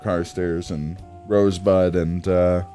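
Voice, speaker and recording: Male streamer, lowish voice, loose rambling banter with laughs, faint music underneath. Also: little pitch movement, takes it slowly, dark tone. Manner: rambling, laughing often, filler-heavy. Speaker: streamer and co-host. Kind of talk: casual let's-play chat.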